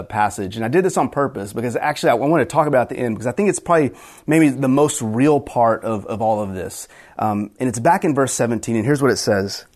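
A man's voice: mid-range voice, darkish tone. A middle-aged man preaching a sermon in an earnest way, often repeating words as he restarts his phrases. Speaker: pastor.

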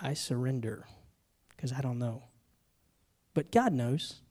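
A middle-aged man preaching a sermon, telling personal stories and moving between hushed, confessional moments and loud, urgent ones. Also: mid-range voice, slow.

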